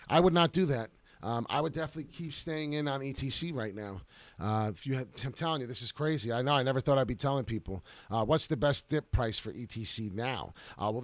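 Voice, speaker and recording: Trading crypto on charts, a man with a mid-range voice gives viewers brash, excited live commentary. There is no echo on the recording.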